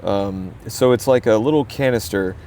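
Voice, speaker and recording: A man's voice: lowish voice, normal speed, darkish tone, slight background noise. A man co-hosting a podcast, chatting casually in a rambling, jokey way that keeps correcting itself. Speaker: podcast co-host. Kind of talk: casual chat.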